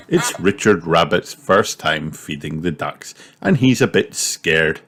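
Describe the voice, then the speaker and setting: A man narrating a children's storybook aloud in an expressive, storytelling manner. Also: low-pitched, slow, a little hiss or hum.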